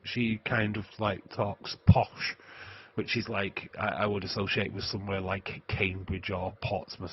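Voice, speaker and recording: British man, stream host, casual chat, low voice, husky, swears, jokey rambling, dry slightly dull mic. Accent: British English. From Britain.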